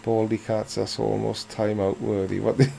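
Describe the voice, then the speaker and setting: A man's voice: on the low side, level tone, normal speed, creaky, dark tone, a little hiss or hum. A man in his forties from South Wales with a Welsh accent, hosting a live stream and answering chat in a dry, self-mocking, playful way. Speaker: livestream host reading chat.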